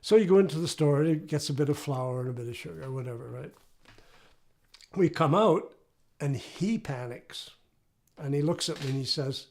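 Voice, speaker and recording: A man's voice: on the high side, moderate pace, darkish tone. An older man, a retired professor, telling a personal story in a casual, anecdotal way during an interview. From Canada. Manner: casual, anecdotal, often asks "right?".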